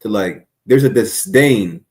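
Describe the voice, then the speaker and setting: A man's voice: fairly low pitch, expressive, measured pace. A man speaking on an online stream discussion, earnest and rambling, with many restarts.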